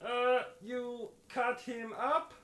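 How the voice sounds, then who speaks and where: A man's voice: very high-pitched, level tone, extremely slow, sharp tone, full character voice. A man voicing a meek, dim-witted male manservant who talks in hesitant, puzzled bursts. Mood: timid.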